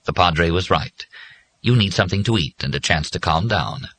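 A man voicing a calm, reassuring godlike being that has taken human form, in an audiobook reading. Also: low-pitched, moderate pace, slightly rough, no echo, full character voice.

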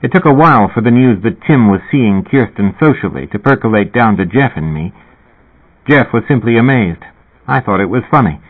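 A man reading a first-person novel aloud in a measured, dry storytelling manner. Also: medium pitch. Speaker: audiobook reader. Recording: tinny phone-like audio.

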